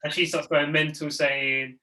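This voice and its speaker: A man's voice: a little high, level tone, unhurried, bright, forceful tone, low-quality recording. A young man with a London accent, a podcast co-host telling a story in casual chat, full of fillers.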